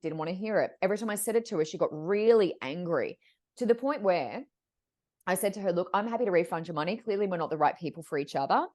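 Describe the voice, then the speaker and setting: Animated woman telling a story. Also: lowish voice. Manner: lively, acts out quoted voices, quick bursts. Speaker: psychic medium guest.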